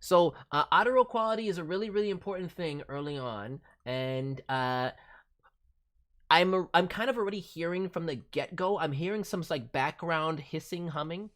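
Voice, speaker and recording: A woman's voice: on the low side, moderate pace. A woman voice director giving casual, conversational feedback on demo reels. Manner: conversational, repeats words, frequent fillers. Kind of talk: casual critique.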